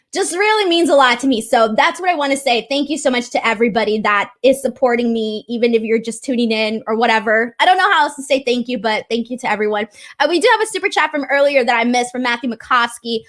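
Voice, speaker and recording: High-pitched woman host, casual chatty stream talk, full of fillers. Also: a bit bright. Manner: chatty, lots of fillers, earnest and grateful. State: voice cracking with emotion. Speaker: wrestling show host. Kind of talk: casual live-stream commentary.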